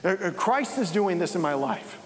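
A man's voice: sits high, lively intonation, normal speed. Earnest preaching man, echoing hall. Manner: earnest, asks many probing questions. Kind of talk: earnest spoken exhortation.

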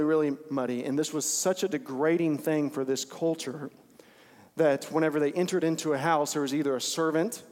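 A man's voice: medium pitch, darkish tone. A man preaching an informal, conversational sermon, repeating phrases for emphasis. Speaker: pastor. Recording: long hall reverb.

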